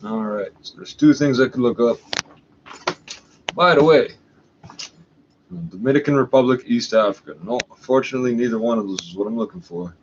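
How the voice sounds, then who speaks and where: A man's voice: mid-range voice, fairly quick, long pauses. A Canadian man rambling and swearing as he looks up an old coin in a catalog for a vlog. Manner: profane, rambling, thinking aloud. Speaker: vlogger. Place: at home. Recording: slightly dull with faint background hiss.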